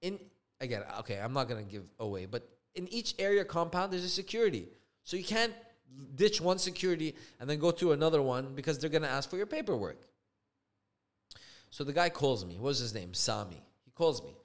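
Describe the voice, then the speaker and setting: A young man co-hosting a podcast, telling a story in casual chat, acting out the people in it and swinging between loud outrage and low, deflated tones, swearing freely. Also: sing-song, a little fast. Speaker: podcast co-host.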